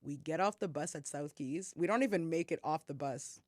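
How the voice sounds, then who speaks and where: A woman's voice: low-pitched, brisk, no room sound. Young woman podcast co-host, chatty storyteller, salty language, dry close mic. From Ottawa, Canada. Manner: animated storyteller, acts out quotes, swears freely. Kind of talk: casual storytelling chat.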